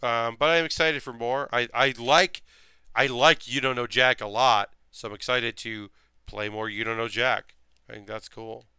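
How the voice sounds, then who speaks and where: On this dry recording, a man speaks at normal speed in a medium-pitched, steady voice whose tone is sharp, clear, and resonant. Sleepy and yawning, he streams his model build with casual chatter, rambling and thinking aloud while muttering to himself.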